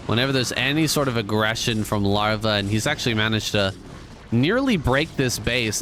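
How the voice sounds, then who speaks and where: A man giving relaxed, conversational play-by-play commentary on a strategy game match, with casual asides. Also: fairly low pitch, slight background noise. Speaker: esports caster.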